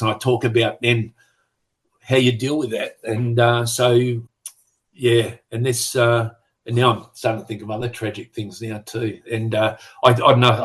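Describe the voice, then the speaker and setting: A man in his sixties with an Australian accent, a retired police superintendent speaking as a guest on a video call, halting and reflective with frequent restarts. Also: medium pitch. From Western Australia. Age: 60s. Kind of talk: conversational interview.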